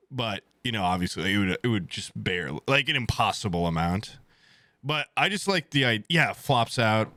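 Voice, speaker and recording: A young male streamer in his twenties rambles through a story with crude jokes and blunt swearing. His voice is bright and forward. It is recorded dry and close, with no room sound around it. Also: lowish voice, lively intonation, brisk, dry recording. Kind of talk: casual storytelling to chat.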